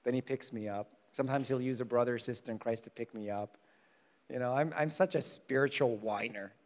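A man preaching a sermon as pastor, joking at his own expense and slowing down to stress the verses he reads. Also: medium pitch. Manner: humorous, self-mocking, lively storytelling. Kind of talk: sermon with Bible reading.

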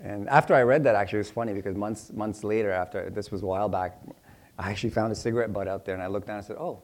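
A man's voice: fairly low pitch, racing. A middle-aged man, a pastor, teaching through a Bible passage in a chatty, joking way, often acting out little dialogues in other voices. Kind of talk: conversational Bible teaching sermon.

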